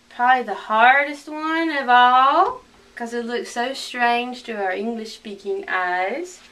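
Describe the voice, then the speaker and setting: Slow, careful woman teaching pronunciation. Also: on the high side, a bit bright. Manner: slow, carefully drilled repetitions. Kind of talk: recorded pronunciation lesson.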